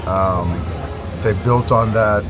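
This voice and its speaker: A man's voice: on the low side, slow, music in the background. A man, a team manager, answering reporters' questions thoughtfully with frequent hesitations. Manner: thoughtful, hesitant with many ums. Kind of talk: press conference answers.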